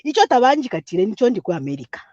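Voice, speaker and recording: Animated woman on a dull dry line. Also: fairly high pitch, rapid-fire, no echo. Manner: code-switching, emphatic and repetitive. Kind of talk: impassioned political call-in comment.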